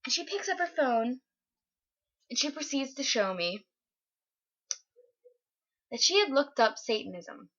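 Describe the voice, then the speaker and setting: Giggly girl telling a story, bright sharp voice, kinda higher, lo-fi muffled audio. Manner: animated, giggly, breaks into laughter. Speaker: vlogger. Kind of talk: casual storytelling.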